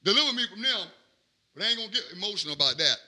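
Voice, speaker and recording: A middle-aged man, a pastor, preaching a sermon in a rhythmic cadence that swings from quiet asides to shouted peaks. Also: sits high, lively intonation, very fast.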